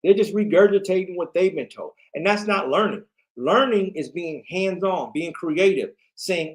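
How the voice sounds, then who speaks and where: Man, tired late-night streamer, rambling repetitive rant, slightly high voice. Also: expressive, normal speed. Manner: rambling, repetitive ranting, talks to chat. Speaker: livestream host.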